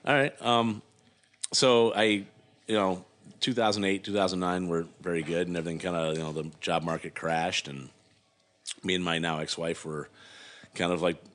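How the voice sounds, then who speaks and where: A man's voice: low voice, steady tone, moderate pace, fairly bright tone. A middle-aged man, a guest brewer, telling a long rambling story in a casual interview, full of fillers and acted-out quotes.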